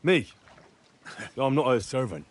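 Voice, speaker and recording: A curt, husky outsider. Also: male voice, medium pitch, very animated, unhurried. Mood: defensive.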